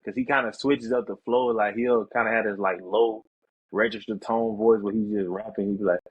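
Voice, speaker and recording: A man co-hosting a podcast talks loosely about music, with a husky, mid-range voice. He gets animated and sometimes pitches up to mimic rappers. The recording is dry and a little dull. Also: fairly quick, no echo. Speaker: podcast co-host. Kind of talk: casual chat.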